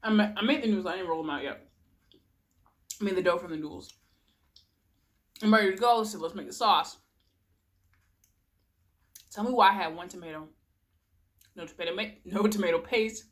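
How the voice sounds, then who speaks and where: A young woman talks to her camera while she eats, rambling about her cooking and dropping soft murmurs between bites. Her voice sits at a middle pitch for a woman, and she breaks into easy giggles as she goes. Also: moderate pace, pauses often. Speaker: vlogger. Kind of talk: casual mukbang chat.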